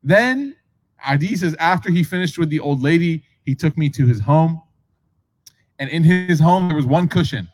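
Male preacher, slightly high voice, conversational storytelling sermon, dry close sound. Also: moderate pace, darkish tone, no echo. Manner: casual, acts out dialogue, asks the audience questions. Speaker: Islamic preacher.

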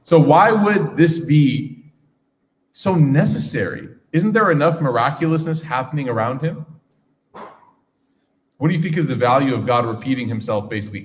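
A man's voice: medium pitch, normal speed, pauses often. A man teaching a class on scripture, casual and engaging, asking his audience questions. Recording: reverberant hall.

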